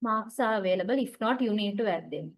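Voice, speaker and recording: A woman university lecturer speaks a little fast in a mid-range voice during a recorded linguistics lecture. Her accent is Sri Lankan English, and she often uses "okay" and "right" to check in. The audio is poor.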